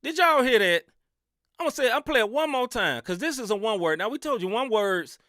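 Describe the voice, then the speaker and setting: A man's voice: very high voice, animated, brisk, a bit bright, dry recording, studio quality. A man from the Mid-South with a Southern accent, co-hosting a casual sports podcast with slangy, laughing banter. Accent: Southern American. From Mid-South United States. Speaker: podcast co-host.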